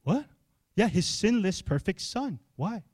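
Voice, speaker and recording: A young adult male pastor, preaching a sermon in an animated, conversational way and asking the congregation questions. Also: sits high, a little slow, no room sound, studio quality.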